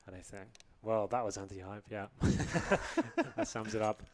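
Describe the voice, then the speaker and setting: A man's voice: fairly low pitch, steady tone, moderate pace, slight background noise. A man hosting and casting a live esports match, playful and hyping it up with announcer flourishes. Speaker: esports caster and host. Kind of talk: live esports commentary and desk chat.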